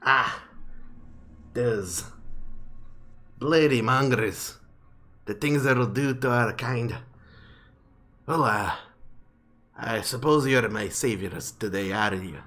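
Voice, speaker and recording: A man voicing a gruff male dwarf who is hostile, vengeful and quick to insult. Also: mid-range voice, fairly bright tone. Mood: grumbling. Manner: grumbling, spitting insults.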